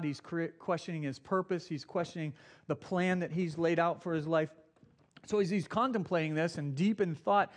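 A middle-aged man, a pastor, preaching a sermon and telling stories, slowing down to stress key words. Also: a little high. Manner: storytelling with acted quotes, slows for emphasis.

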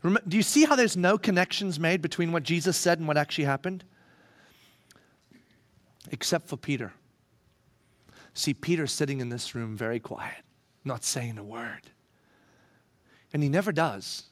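A man preaching a sermon dramatically, swinging from hushed reading to loud emphasis. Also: a little high, normal speed, pauses often.

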